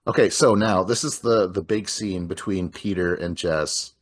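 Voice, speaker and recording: Male co-host, lower voice, loose animated film recap with acted-out quotes. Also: moderate pace. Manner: animated, acts out characters' lines mid-retelling; swears and laughs often. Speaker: podcast co-host. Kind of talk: casual movie recap chat.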